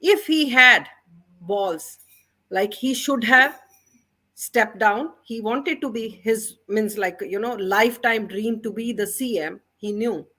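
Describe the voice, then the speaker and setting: A woman's voice: fairly high pitch, slow, bright, forceful tone. A woman speaking emphatically as a panelist in a political debate, using "you know" fillers and slipping into Hindi.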